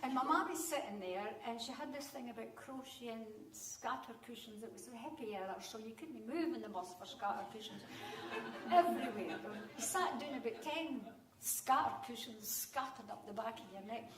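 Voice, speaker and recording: A woman's voice: on the high side, normal speed. Scottish woman storyteller, roomy hall. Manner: lively, comic, animated delivery. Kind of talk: live storytelling to an audience. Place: conference hall. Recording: roomy hall sound, distant mic.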